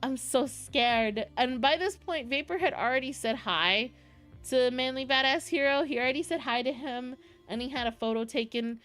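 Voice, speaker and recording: Young woman streamer chatting w her chat, excitable rambly storyteller, highish voice, soft music in the back. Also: moderate pace. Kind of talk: casual chat with live chat.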